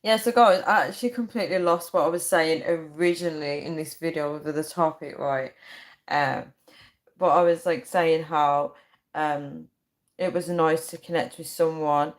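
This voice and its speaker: A woman's voice: sits low, fairly even intonation, normal speed. A young woman chatting casually on a live stream, rambling and reading viewer comments aloud. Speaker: livestreamer.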